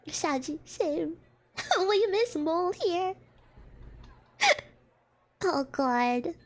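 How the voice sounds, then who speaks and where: A woman's voice: high-pitched, a bit bright. A young woman streamer chatting and giggling while she reads a visual novel aloud, switching between reading and reacting.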